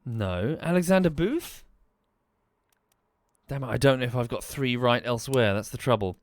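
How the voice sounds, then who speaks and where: His medium-pitched voice is lively in intonation and moves at a moderate pace as he plays a game on stream, wondering aloud and putting questions to the characters. There's no echo.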